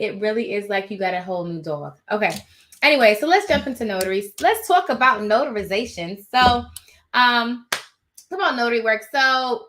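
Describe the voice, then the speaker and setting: A woman hosting a casual live stream from her home office, animated and rambling as she talks to viewers. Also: on the high side.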